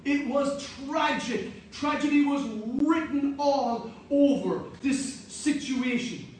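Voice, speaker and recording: A man with a very high voice preaches a sermon slowly, earnest and repetitive, building to emphatic points. It's recorded in an echoey hall with a distant mic, and there's a little hiss or hum.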